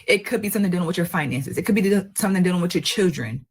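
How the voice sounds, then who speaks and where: A woman's voice: on the low side, expressive, rapid-fire, slightly rough. A married woman answering viewer comments on relationships in an emphatic, lecturing way. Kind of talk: responding to comments.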